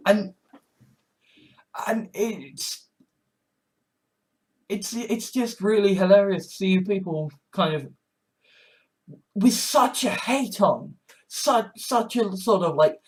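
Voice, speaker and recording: A man in his twenties in a rambling vlog monologue, halting and sardonic, with many restarts. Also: high voice. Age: 20s. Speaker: vlogger.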